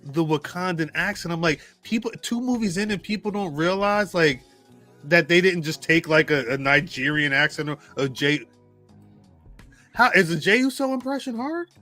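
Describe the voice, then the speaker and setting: A man co-hosting a podcast in casual chat, laughing often and geeking out in an animated way. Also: fairly high pitch, normal speed, faint music behind. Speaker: podcast co-host.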